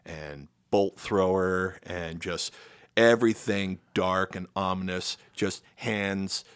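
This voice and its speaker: A man's voice: low-pitched, slow pace, clean tone, no echo, clean studio sound. A middle-aged man with an American accent, telling band stories casually as a podcast guest and acting out quotes. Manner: animated storyteller, acts out quotes with sudden loud jumps. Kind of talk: casual storytelling chat.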